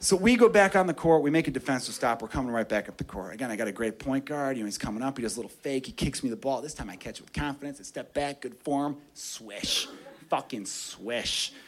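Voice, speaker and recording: A man doing stand-up comedy, telling a story with loud, animated delivery and shouted character voices. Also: medium pitch, brisk.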